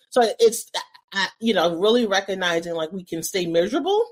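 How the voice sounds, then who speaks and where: A woman's voice: mid-range voice, lively intonation, fairly quick. A woman co-hosting a podcast, talking casually and reflectively, answering her own rhetorical questions. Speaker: podcast co-host. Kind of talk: casual conversational podcast chat.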